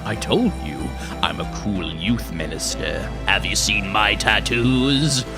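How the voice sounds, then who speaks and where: A man voicing a sadistic male cult leader, a former minister turned monster, in a lower, softer voice. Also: slow, music in the background. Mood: gloating. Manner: dastardly, sadistic and gloating.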